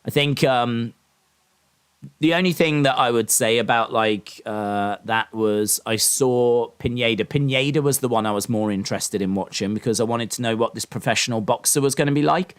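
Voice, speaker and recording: Reacting to wrestling and boxing on a casual live stream, a man speaks at normal speed in a clear, resonant mid-range voice. He wanders from point to point, opinionated and prone to ums and restarts.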